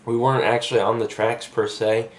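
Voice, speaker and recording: A man's voice: medium pitch, flat delivery, fairly quick. A young man telling a story in a casual vlog, rambling with lots of fillers and asides, recorded on a camera mic. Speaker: vlogger.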